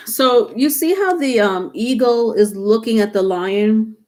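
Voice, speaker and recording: A woman's voice: medium pitch, expressive, slow, darkish tone. A woman giving a live-streamed tarot reading, rambling with many fillers and restarts. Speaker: tarot reader.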